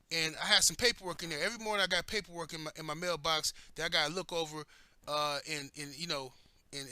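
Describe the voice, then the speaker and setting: Heated, cursing man with a bright voice. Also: on the high side, no echo. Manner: heated, blunt, heavy cursing. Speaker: commentator. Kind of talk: profane personal storytelling.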